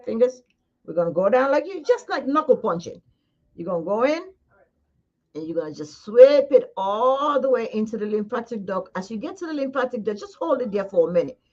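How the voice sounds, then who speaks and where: A woman esthetician giving a casual live demonstration, chatty and coaxing, talking straight to her viewers. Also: fairly high pitch. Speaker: esthetician demonstrating face massage. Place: skincare studio. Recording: slightly dull lo-fi sound.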